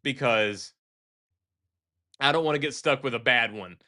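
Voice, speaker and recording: Bright-voiced man chatting about games. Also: mid-range voice, a little slow. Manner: animated, rambling with restarts, mimics voices. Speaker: podcast co-host. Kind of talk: casual gaming podcast chat.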